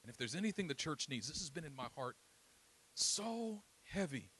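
A middle-aged man preaching a sermon, swinging between loud, soaring passages and quiet, hushed storytelling. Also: fairly high pitch, sing-song, normal speed, a little hiss or hum, poor audio.

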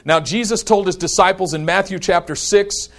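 High-voiced man preaching with fervor. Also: vocal fry. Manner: emphatic preaching, slowing down to dwell on scripture; builds to higher, louder peaks on lists of words. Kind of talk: sermon.

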